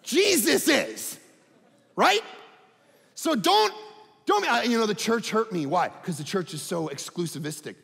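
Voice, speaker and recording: Middle-aged male pastor, sermon delivery, high lively pitch, gravelly edge, church-hall reverb. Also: a little slow, long pauses. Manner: animated, swings from loud emphatic highs to low quiet asides.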